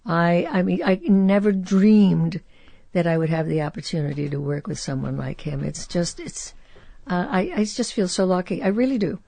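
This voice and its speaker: A woman in her eighties, a guest actress telling stories in an expressive, animated way in a casual conversation. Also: on the low side, normal speed, creaky, no room sound. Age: 80s. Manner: animated storyteller, warm and expressive. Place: host's garage studio.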